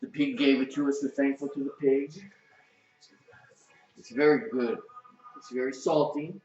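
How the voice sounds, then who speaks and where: A man's voice: medium pitch, fairly even intonation, moderate pace, darkish tone. A man from outside New City, hosting a casual home cooking show and talking in a blunt, profane, chatty way. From outside New York City. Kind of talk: casual cooking demo with political rant. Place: home kitchen, indoors. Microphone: webcam. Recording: echoey, distant, muffled, faint music.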